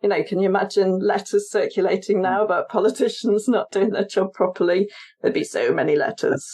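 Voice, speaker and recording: A woman's voice: medium pitch, brisk, dark tone, slightly rough. A woman author and historian being interviewed on a podcast, explaining her research in a chatty way and laughing easily.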